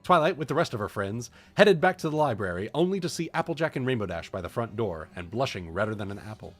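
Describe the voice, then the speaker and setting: A man's voice: mid-range voice, animated, fast talker, faint music behind. A man reading a fan story aloud on a livestream, amused and ad-libbing asides. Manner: amused, breaks into laughter, ad-libs. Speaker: streamer reading fan stories.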